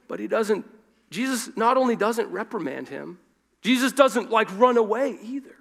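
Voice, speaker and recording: Preacher, man, high-pitched, informal, loose sermon delivery that swings between forceful stresses and quiet asides. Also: lively intonation, moderate pace, gravelly. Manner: informal, self-correcting, shifts between loud emphasis and hushed asides. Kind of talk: conversational sermon. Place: church.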